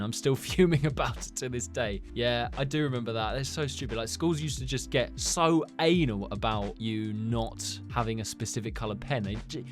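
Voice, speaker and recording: Young male host, lively swooping delivery, sarcastic reactions, faint music underneath. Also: medium pitch. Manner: animated, sarcastic, laughs between comments. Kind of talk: casual reaction commentary.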